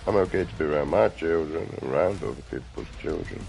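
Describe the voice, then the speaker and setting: A man's voice: a bass voice, fast, creaky, darkish tone, faint music behind. A middle-aged man, rambling crudely and outspokenly in a casual vlog monologue. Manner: crude, outspoken, mumbling asides. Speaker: vlogger.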